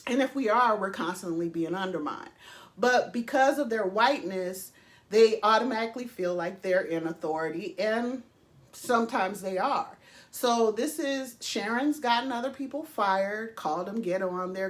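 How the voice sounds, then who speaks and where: A woman vlogger giving casual, emphatic opinion commentary, swearing freely and pausing often with fillers. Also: medium pitch. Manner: emphatic, profane, with frequent pauses and fillers.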